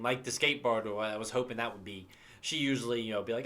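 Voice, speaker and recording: Thirties male podcast co-host, bright and punchy, swears freely, laughs through his stories. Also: mid-range voice, fairly quick. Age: 30s. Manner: animated, swearing, laughing storyteller. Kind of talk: casual chat.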